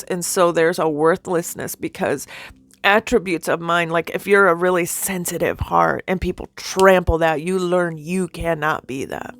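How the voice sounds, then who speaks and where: A middle-aged woman speaking as a ministry leader, her voice sitting a little low. She gives a raw, confessional spiritual testimony in a dry, close-sounding room, often passing on what she hears God telling her. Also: a bit bright, dry recording. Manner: emotional, confessional, relays God's words.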